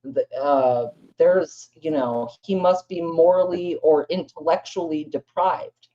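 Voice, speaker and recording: A woman's voice: low-pitched, takes it slowly, warm tone, lo-fi sound. A woman speaking on a live panel, telling a rambling story in blunt, casual talk full of swearing. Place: live panel room with audience.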